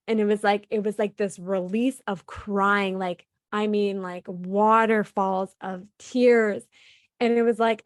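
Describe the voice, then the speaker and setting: This interview guest is a woman with a mid-range voice who tells her own story with lots of energy, often performing her past dialogue and that of others, with laughter breaking up her phrases. The audio is dry and of studio quality.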